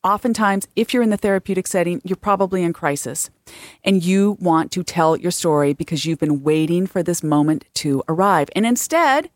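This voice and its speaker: A woman's voice: on the low side, moderate pace, no echo. A therapist woman explaining, dry close mic. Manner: explanatory, restarts often, tells client stories. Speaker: therapist and co-host. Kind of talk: casual podcast chat.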